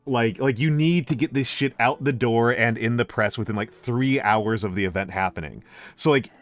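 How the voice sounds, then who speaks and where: A man with an American accent chatting casually on a stream, rambling and halting with many restarts. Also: mid-range voice, faint music behind. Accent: General American. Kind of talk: casual chat.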